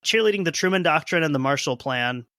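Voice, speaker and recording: Bright-voiced man on a history podcast. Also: a little high, lively intonation, quick pace, no echo. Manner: reads sources aloud, dry jokes. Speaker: podcast co-host. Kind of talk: history podcast narration and chat.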